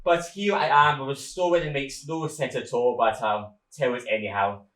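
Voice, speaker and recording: A man's voice: mid-range voice, fairly even intonation, moderate pace, fairly bright tone, close to an everyday voice. A man doing a jittery stammering sentry. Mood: rambling. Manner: hesitant, stammering, full of ums and restarts. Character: nervous rambling male sentry bringing bad news. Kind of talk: stage play acting. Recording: echoey room.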